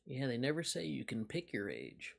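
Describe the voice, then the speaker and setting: Here a young streamer chats freely with his audience, swearing and breaking into laughs while reacting. His voice is mid-range and creaky, moving at normal speed while the pitch swoops wildly.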